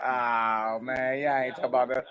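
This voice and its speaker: A man hosts a relaxed ministry livestream, calling out viewers by name and hyping them up. He laughs easily and talks loosely in a mid-pitched voice. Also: normal speed, clear, resonant tone. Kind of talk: casual livestream chat before prayer.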